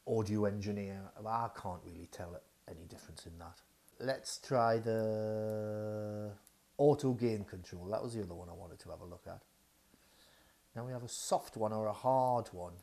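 A man's voice: lowish voice, a little mellow. A man casually reviewing new audio gear at home, thinking aloud with lots of fillers and hesitations, recorded through a wireless radio mic in a dining room. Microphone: wireless radio mic under test.

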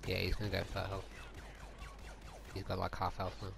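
A young man gaming with a friend, mostly grumbling, with sudden shouts of joy and lots of swearing. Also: low-pitched, completely flat delivery, brisk, creaky, background noise. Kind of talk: gaming banter.

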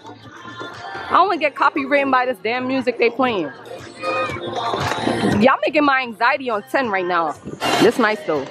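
A woman vlogging her family outing in a chatty, blunt, casual way, a little hoarse from screaming. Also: high-pitched, moderate pace, long pauses. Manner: chatty, blunt, excitable coaching. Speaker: vlogger, mother. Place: outdoor skating rink, then car. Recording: music playing behind. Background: loud music.

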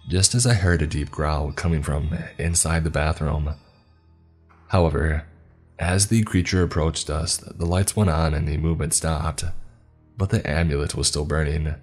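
Deep husky guy reading a creepy story, faint music under it. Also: a little mellow. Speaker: narrator. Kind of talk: scripted horror story narration.

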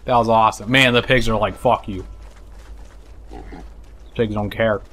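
A man giving casual let's play commentary, excitable and swearing, talking to the creatures in the game. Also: lowish voice, fast talker, a little hiss or hum. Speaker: gameplay commentator.

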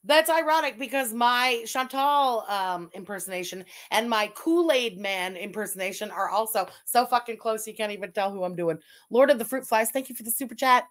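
A woman's voice: a little high, normal speed, few pauses. Woman host, brash and sweary, reads chat in a raised voice. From Quebec. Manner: profane, mocking, reads chat aloud. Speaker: livestream host. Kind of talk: casual livestream commentary.

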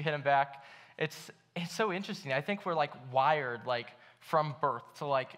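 A man's voice: medium pitch, a bit bright. A young man preaching a sermon at a church, telling a story in a casual way with many fillers. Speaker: pastor.

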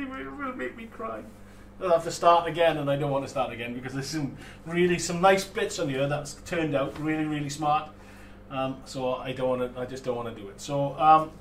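A medium-pitched man, heard far from the microphone, hosts a laid-back model-making livestream. He laughs a great deal and his speech is full of fillers and restarts. Echo and faint noise from the room are audible.

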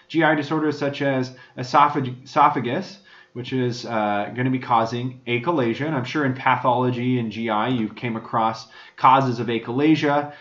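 A man giving a recorded slide lecture as a medical tutor, talking in a relaxed way with many fillers while pointing at slides. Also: mid-range voice. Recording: roomy, dull lo-fi recording.

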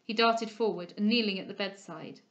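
A woman reading a classic novel aloud as an audiobook reader, with expressive, measured storytelling. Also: medium pitch, muffled recording.

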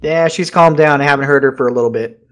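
A man speaks in an easygoing, relaxed way as a co-host of a fan podcast. His voice sits slightly high, and he delivers his picks calmly. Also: quick pace. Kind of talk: casual fan podcast banter.

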